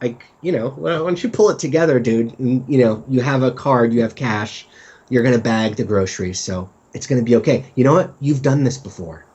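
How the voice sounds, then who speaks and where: In a dull, lo-fi recording of a casual podcast interview, a male guest talks fairly quickly in a mid-range, somewhat mellow voice with a breathy edge. He's open and self-mocking, occasionally performing what his inner voice is saying.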